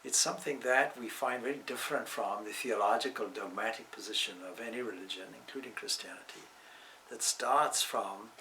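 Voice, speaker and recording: A man giving a measured, reflective spiritual talk on scripture, with touches of gentle humor. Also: mid-range voice, distant mic, a little hiss or hum, poor audio. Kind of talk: spiritual discourse.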